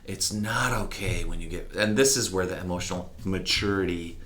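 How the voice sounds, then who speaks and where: Deep-voiced man telling candid stories. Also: moderate pace. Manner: candid, animated, mimics horn sounds. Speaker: interview guest. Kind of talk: reflective conversational storytelling.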